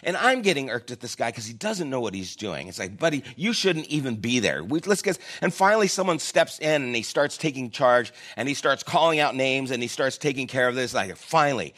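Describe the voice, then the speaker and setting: A man's voice: medium pitch, very animated, a little fast, hardly any pauses, a bit bright. Guy pastor preaching, chatty storyteller, teases himself, voice jumps up and down a lot. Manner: storytelling, conversational, self-deprecating. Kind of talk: sermon. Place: church.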